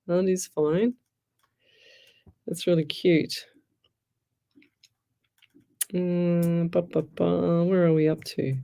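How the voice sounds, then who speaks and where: A woman's voice: fairly low pitch, flat delivery, takes it slowly, creaky, pauses often, warm tone. A middle-aged woman, a psychic medium hosting a show, chatting loosely and giving frank advice while reading out comments. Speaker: psychic medium radio host. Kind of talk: casual live-stream chat, reading out comments.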